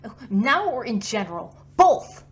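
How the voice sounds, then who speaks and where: A woman's voice: on the high side, very animated, unhurried, pitched above the performer's own voice. A woman voicing a guarded, hostile woman ex-soldier who speaks bluntly and curtly. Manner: blunt, curt.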